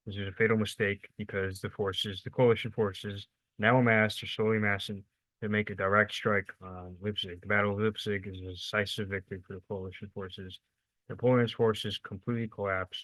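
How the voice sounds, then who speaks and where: Young man, low voice, flat delivery, dry close sound, casual rambling history lecture, full of ums and restarts. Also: no echo, low-quality recording. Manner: rambling and informal, many fillers and self-corrections, quick asides. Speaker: presenter of a history lesson.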